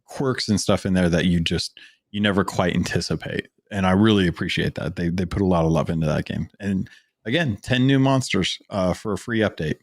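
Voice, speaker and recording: Podcast co-host, male, low voice, loose rambling chat, dry booth sound. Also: no room sound. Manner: rambling, many fillers and restarts. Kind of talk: casual gaming chat.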